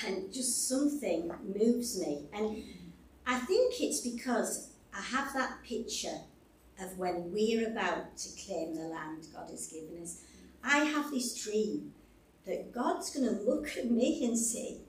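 A woman preaching a sermon in a church hall, slow and deliberate, warmly expressive. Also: mid-range voice, far from the mic, slight background noise. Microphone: stage microphone.

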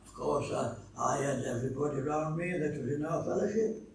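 An older man preaching a sermon and telling a story from his own life, slow and dramatic, with his pitch and loudness swinging widely. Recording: echoey hall, speaker far from mic, faint noise.

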